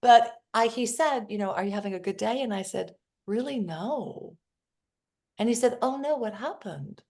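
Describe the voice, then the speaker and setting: A woman's voice: fairly high pitch, normal speed, a little mellow. A woman guest on a podcast interview, telling personal anecdotes earnestly and acting out the other people in them. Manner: earnest storyteller who acts out the other people in her anecdotes. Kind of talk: casual conversational interview.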